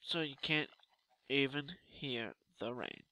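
A young man giving loud, exasperated Let's Play commentary with swearing outbursts. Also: medium pitch, animated, slow, dry recording. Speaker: gaming YouTuber.

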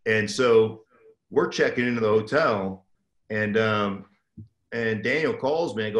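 An older man who once played pro football tells a rambling, self-deprecating story as a guest, in the manner of casual storytelling. His voice is fairly low in pitch, unhurried, and fairly bright, and the recording has a roomy echo.

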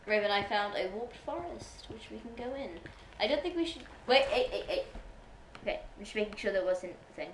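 A woman streamer chatting playfully while gaming, with bursts of excitement. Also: mid-range voice, fairly quick, roomy sound, a little hiss or hum, rough recording. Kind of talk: casual gameplay chat.

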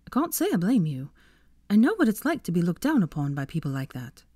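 A woman's voice: huge pitch swings, dark tone, dry recording, clean studio sound. A woman reading aloud and voicing a clever, prickly young witch in a raised, exasperated tone. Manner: raised pitch, brisk and exasperated.

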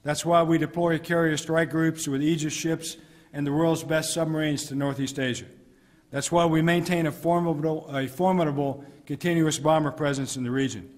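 Middle-aged American military commander, formal address, deliberate emphasis, reverberant hall. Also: male voice, a little high, fairly even intonation, a little mellow. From United States. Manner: measured, emphatic delivery with deliberate pauses. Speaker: military commander giving a speech. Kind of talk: formal prepared speech. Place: ambassador's residence reception hall.

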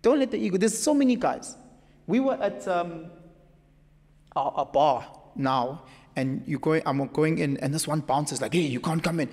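A man with a South African accent, speaking as a podcast guest in an emphatic, animated storytelling way. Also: a little high, moderate pace. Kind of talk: casual conversation. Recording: echoey room with long reverb.

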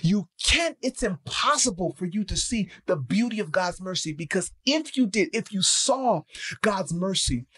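Lively, slangy man preaching through a story. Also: high-pitched, normal speed, slightly rough. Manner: animated, slangy storytelling with emphatic preaching passages. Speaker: podcast co-host. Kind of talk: faith podcast talk with personal storytelling.

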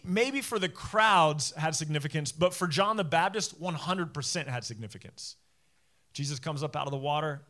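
A man preaching in an easy, conversational way, with a voice a bit higher than most men's. He slips into casual modern speech when he acts out the people in the story. His delivery swings from loud, excited bursts to low, quiet stretches. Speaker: pastor. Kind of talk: sermon.

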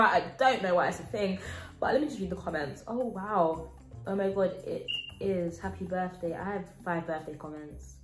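A woman's voice: lowish voice, normal speed. A teenage girl, chatting in a casual reaction vlog, giggly and self-mocking. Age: teens. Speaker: vlogger. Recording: roomy echo, faint music.

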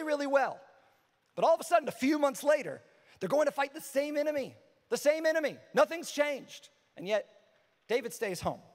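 A man preaching a sermon as pastor, energetic and casual, repeating phrases for emphasis. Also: very high-pitched, vocal fry, in a large hall.

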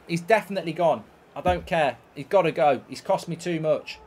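A man's voice: on the high side, brisk, hardly any pauses, darkish tone, husky. A man streaming gameplay, ranting and swearing in exasperation as he commentates. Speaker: streamer and host.

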